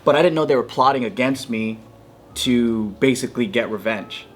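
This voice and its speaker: A man telling a story in casual chat, animated, swearing freely and acting out quotes in a raised voice. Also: normal speed, soft background music. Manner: animated, swears a lot, acts out quotes in a higher voice. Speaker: podcast guest.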